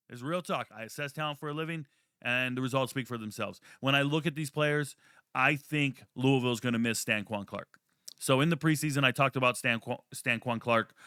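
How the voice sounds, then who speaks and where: A man giving casual sports betting predictions in a brash, profane, boastful way, swinging from low mutters to loud, high-pitched outbursts. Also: smooth, no room sound, studio quality. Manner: brash, profane, hyped-up trash talk.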